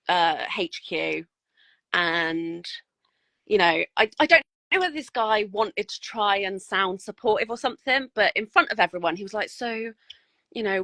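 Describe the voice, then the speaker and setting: Woman on a podcast, bright tense voice, dry close sound, just says it straight and swears a lot. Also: medium pitch, no room sound, low-quality recording. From United Kingdom. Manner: blunt and frank, swears freely. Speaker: guest miniature painter. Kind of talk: casual podcast chat.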